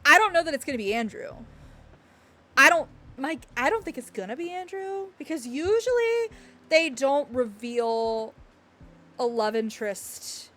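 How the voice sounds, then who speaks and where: A woman streaming, chatting excitedly and rambling, with frequent laughs and apologies. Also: high voice, a little slow. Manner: gestures and hits the desk when excited. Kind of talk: excited livestream chat reacting to a game. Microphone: desk mic picking up thumps.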